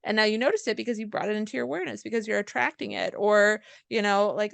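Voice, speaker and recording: A chatty woman co-hosting a podcast, explaining health ideas as a chiropractor. Her voice carries a gravelly edge, and she sits close to the mic in a dry room. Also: mid-range voice, very animated, fast, no room sound. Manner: chatty, explanatory, acts out quotes. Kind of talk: casual podcast chat.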